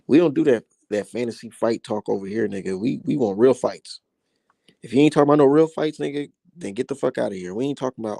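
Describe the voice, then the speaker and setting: A young man holds forth on boxing in a loose, heated monologue, swearing freely and pitching up when riled. His voice carries a gravelly rasp, and the recording is dry and close with no room sound. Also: lively intonation, brisk, mellow, dry recording. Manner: profane, heated ranting that climbs high when worked up. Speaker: boxing commentary host. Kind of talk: casual boxing commentary monologue.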